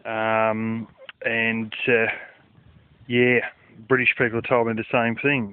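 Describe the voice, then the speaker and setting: A man chats loosely to camera, full of fillers and offhand swearing. His voice comes through a narrow, phone-like band with no room sound. He sits at a middle pitch and keeps an easygoing, rambling pace. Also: flat delivery, takes it slowly, pauses often, clean tone, no room sound. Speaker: vlogger. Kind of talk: casual rambling monologue. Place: outdoors at night.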